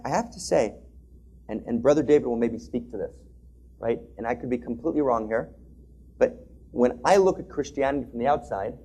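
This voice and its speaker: A man giving an impassioned talk with a story, animated, often asking "right?" and restarting phrases. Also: medium pitch. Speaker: speaker in an interfaith dialogue.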